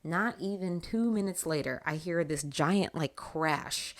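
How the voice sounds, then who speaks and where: A woman hosting a casual faith talk show, telling a personal story in an animated way and laughing often. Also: sits low, a little slow, few pauses. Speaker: podcast host.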